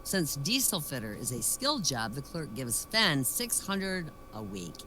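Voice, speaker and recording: A woman's voice: deep voice, very animated, a little slow, sharp tone, slight background noise, rough recording. A woman doing a stand-up set, chatty and wry, telling jokes in a storytelling way. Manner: chatty, complains wryly, narrates jokes with put-on voices. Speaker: comedian.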